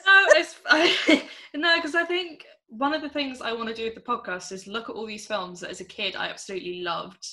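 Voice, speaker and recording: A woman's voice: fairly high pitch, fairly quick, few pauses, sharp tone. An English woman co-hosting a podcast, chatting casually about a film and laughing often. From England. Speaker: podcast co-host.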